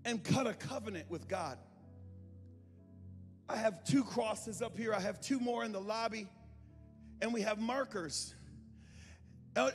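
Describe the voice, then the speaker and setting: A man pastor preaching a sermon in a church, moving from calm talk to impassioned shouting, with joking asides. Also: very high voice. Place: church sanctuary. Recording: reverberant hall with music behind.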